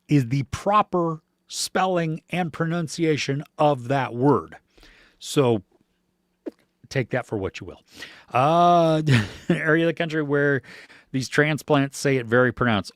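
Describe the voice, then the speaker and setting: A man's voice: a little high, slow pace, no echo, clean studio sound. An American man hosting a casual podcast, chatting loosely about movies and reading out viewer comments, with lots of fillers and small laughs. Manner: relaxed, rambling, with many fillers and small laughs. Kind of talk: casual chat.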